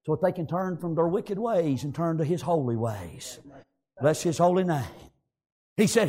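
A man preaching a sermon with fervor, breaking into shouts and peppering his lines with calls of praise, reading scripture slowly. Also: sits high, lively intonation. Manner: fervent preaching, rising into shouts, frequent "amen" and "praise God"; reads scripture in slow King James phrasing.

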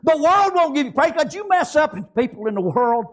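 A man preaching a sermon, fervent, dropping amen and praise God between phrases and swinging from low murmurs to shouted emphasis. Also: big pitch swings, a little fast.

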